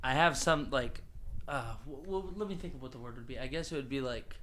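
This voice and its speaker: A man's voice: medium pitch, fairly quick, a bit bright. A man hosting a casual podcast chat, sardonic, often trailing off and restarting. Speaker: podcast host.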